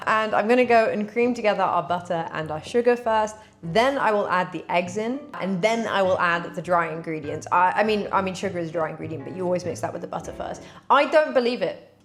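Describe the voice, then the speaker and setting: A woman chatting casually to viewers as she bakes in a cooking vlog. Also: mid-range voice. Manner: chatty, talks to viewers while working. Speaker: cooking vlogger.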